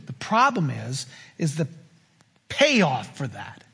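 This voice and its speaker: A man pastor preaching a sermon in a conversational style, acting out quoted lines, with a husky voice in a reverberant church. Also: a little high, wildly swooping pitch, slow pace, pushed and bright. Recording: reverberant hall.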